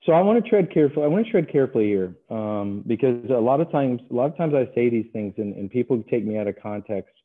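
A middle-aged man, a guest trader, talking casually and telling stories with lively acted-out voices. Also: medium pitch, fast talker, few pauses. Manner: animated storyteller, acts out other voices. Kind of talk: casual interview talk. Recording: tinny phone-like remote line.

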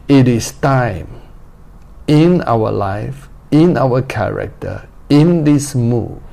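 A man's voice: medium pitch, creaky, dark tone. A male pastor preaching a sermon, repeating phrases and asking the listeners direct questions.

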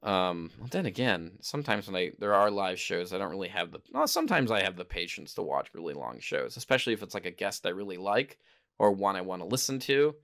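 A man's voice: sits low, big pitch swings, brisk, gravelly, a bit bright. A man hosting a casual solo podcast, rambling and hesitant, often stopping to correct himself. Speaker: podcast host. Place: home in Japan.

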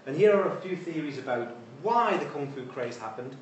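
A man's voice: fairly high pitch, lively intonation, normal speed, dull audio, a little hiss or hum. A man giving an informal university lecture with wry, conversational asides. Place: lecture hall. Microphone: distant room mic. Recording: echoey hall from far off.

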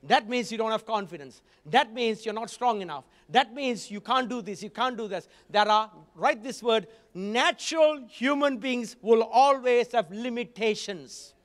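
Male guest preacher, high-pitched, storytelling sermon delivery. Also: unhurried, few pauses, long reverb tail. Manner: storytelling preacher, animated with frequent asides.

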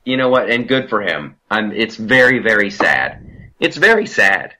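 A man hosting a casual political podcast, animated and profane as he rants. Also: fairly low pitch, a little slow. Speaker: podcast host.

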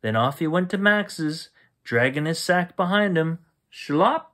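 Slow, expressive man reading a bedtime story. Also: a little high. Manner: slow and expressive, with sound effects. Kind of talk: bedtime story read-aloud.

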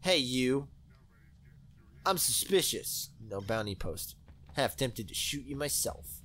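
A young man hosts a let's play, rambling excitably through gaming commentary with lots of fillers. His pitch sits in the middle and jumps around a lot as he reacts. A faint background ambience sits under the voice. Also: slow pace, a little hiss or hum.

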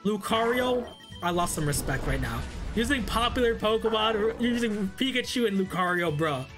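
Young male gaming YouTuber, exasperated reactor, lively bright voice, faint game music underneath. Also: normal speed. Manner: reacts loudly with exasperated outbursts; reads game text in a flat, lowered voice. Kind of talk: let's play commentary reading game dialogue aloud.

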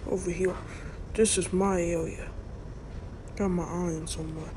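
A woman voicing a gruff, bossy animal that guards its area. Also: lowish voice, fairly even intonation, a little slow, noisy background, natural voice.

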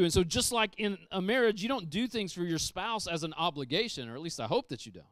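A male pastor delivers a sermon in a smooth, resonant voice pitched a little high. He drives points home through repetition, swinging between forceful emphasis and quiet intensity. The sound is close and dry, with little room echo. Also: lively intonation, fast talker, hardly any pauses. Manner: emphatic, repeats phrases, shifts from loud to hushed. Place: church sanctuary.

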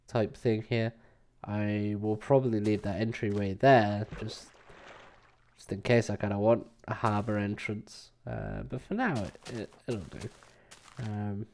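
Slow, hesitant man narrating gameplay. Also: on the low side, a little mellow, a little hiss or hum. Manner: hesitant, rambling, many fillers. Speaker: let's play host. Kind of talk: casual gameplay commentary.

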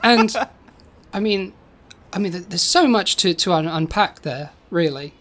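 A woman co-hosting a comedy podcast, telling a silly story in a rambling, halting way with many repeated words. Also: fairly low pitch, lively intonation, slight background noise. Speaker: podcast co-host.

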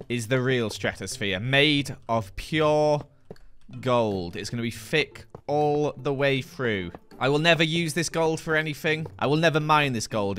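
A man's voice: medium pitch, sharp tone. A young man hosting a gaming video, talking through his build in a goofy, self-mocking commentary style. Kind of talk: playful gameplay commentary.

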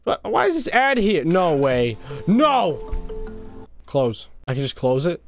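A man's voice: fairly high pitch, big pitch swings, slow, soft background music. A young man hosting a casual gaming video, talking over gameplay with gasps, exclamations and playful taunts on a desk microphone.

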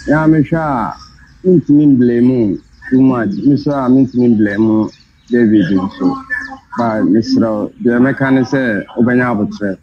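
A man's voice: mid-range voice, slow, breathy edge, lo-fi sound. A man calling in to a live stream, talking casually and hesitantly with many fillers. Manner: hesitant, filler-heavy, mixes English and Twi. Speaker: caller. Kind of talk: casual phone-in chat.

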